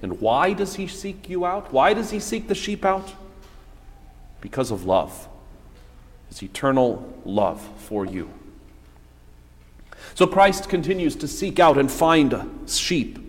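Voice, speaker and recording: Male pastor, slightly high voice, deliberate sermon delivery, long reverb tail. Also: very animated. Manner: measured preaching with rhetorical questions.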